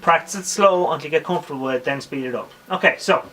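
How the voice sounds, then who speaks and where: A man's voice: on the high side, quick pace. A man with an Irish accent teaching drums in a casual spoken tutorial, counting beats aloud between his explanations. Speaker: drum teacher. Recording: drum kit playing loudly behind.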